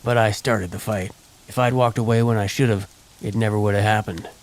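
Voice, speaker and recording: A man's voice: lowish voice, fairly even intonation, a little fast, natural voice. A man voicing a weary terse young outlaw. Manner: grumbling, terse. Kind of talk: audiobook character voice.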